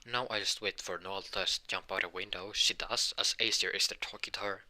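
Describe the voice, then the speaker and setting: A man's voice: deep voice, steady tone, brisk, pushed and bright. Rambling tired young man telling a fan story. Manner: rambling, hesitant, many restarts. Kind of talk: improvised fan story narration.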